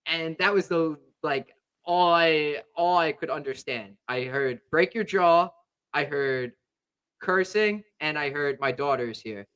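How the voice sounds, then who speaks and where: A young man chats casually on a sports podcast, rambling through a story with constant fillers. His voice sits a bit high and sounds bright and forward. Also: slow, clean tone. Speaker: podcast host.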